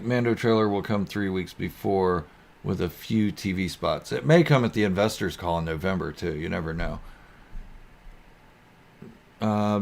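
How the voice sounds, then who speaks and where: A man with a low voice hosts a relaxed live stream. He reads viewer comments aloud and rambles through them in a goofy, easygoing way. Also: vocal fry.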